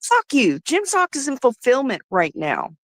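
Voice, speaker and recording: A woman with a higher voice rips into someone in a heated, profane rant. Her voice is close and dry, with no room sound. She talks like a stream co-host fully worked up. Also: huge pitch swings, moderate pace, dry recording. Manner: angry, profane, ranting. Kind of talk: profane rant on a comics livestream.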